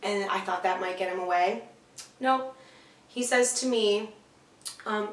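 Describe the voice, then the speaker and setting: A young woman recounts a rough experience in a candid storytime vlog, swearing freely and rising to frustrated bursts. Her voice sits at a middling pitch. The sound is roomy and she is a little distant from the mic. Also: a little slow, long pauses. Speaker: vlogger.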